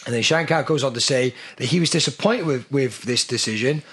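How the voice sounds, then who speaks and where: A man co-hosting a casual podcast chat, croaky, blunt and sweary, stumbling over repeated words as he gets going. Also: mid-range voice, fairly quick, a bit bright. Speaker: podcast co-host.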